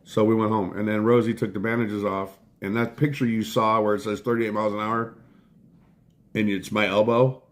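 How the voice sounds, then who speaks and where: A man's voice: fairly low pitch, little pitch movement, normal speed. A middle-aged man hosting a casual live stream from home, telling a rambling story full of swearing and breaking off to thank viewers. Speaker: livestream host.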